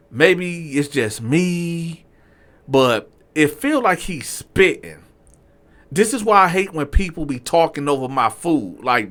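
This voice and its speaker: A male host tells a story casually to his viewers. His voice sits a little high. He talks in an animated, profane way and keeps breaking off to address his audience.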